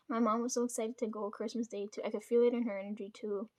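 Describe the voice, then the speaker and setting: A woman's voice: a little high, dark tone. A young woman vlogger telling a family story in a casual, venting way, swearing often and filling with "like". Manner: venting, swears a lot, many fillers.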